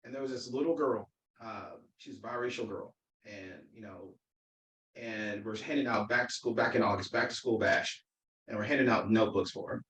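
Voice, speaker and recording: A man's voice: lowish voice, fairly quick, fairly bright tone, slight background noise. Earnest man, storytelling, roomy distant sound. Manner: earnest storyteller, loose rambling sentences. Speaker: former political candidate, guest. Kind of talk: casual interview conversation.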